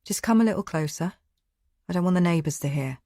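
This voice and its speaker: A woman's voice: on the low side, animated, fast talker, dry recording, clean studio sound, natural voice. A woman narrator voicing an angry young male neighbour, blunt and swearing. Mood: coaxing, calmer. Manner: shouting, sweary, then coaxing.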